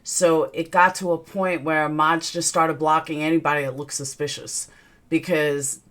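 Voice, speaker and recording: A woman's voice: deep voice, little pitch movement, moderate pace, fairly bright tone. A young woman with a Southern US accent, hosting a casual livestream and greeting her viewers one by one in an upbeat way. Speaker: livestream host.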